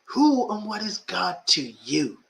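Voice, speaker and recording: A man's voice: sits high, big pitch swings, a little slow, vocal fry, fairly bright tone. A man who is a life coach and podcast host, talking reflectively about spirituality and often repeating phrases for emphasis.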